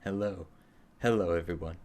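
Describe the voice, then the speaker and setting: Young man, casual stream chat, slightly low voice, joking with chat, plays at character accents. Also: moderate pace, a little mellow. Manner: joking, chatty, voices quest characters in a put-on Scottish-style accent.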